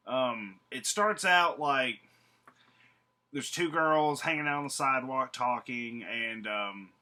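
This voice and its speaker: A man's voice: mid-range voice, pushed and bright. A man recapping a horror movie in a casual, rambling way, swearing freely and laughing as he goes. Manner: profane, rambling, laughing asides. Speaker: movie reviewer.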